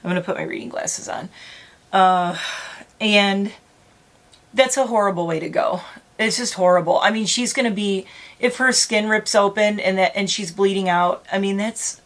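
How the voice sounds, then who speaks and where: A woman's voice: medium pitch, moderate pace, fairly bright tone. A middle-aged woman talking to camera from home, earnest and rambling, close to tears. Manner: earnest, rambling, self-correcting. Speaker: vlogger. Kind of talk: emotional casual vlog.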